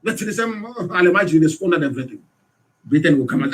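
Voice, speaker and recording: A man with a Nigerian accent giving an impassioned political radio address, hectoring his listeners with rhetorical questions and sometimes shouting. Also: high voice, lively intonation, fast. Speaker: radio broadcaster.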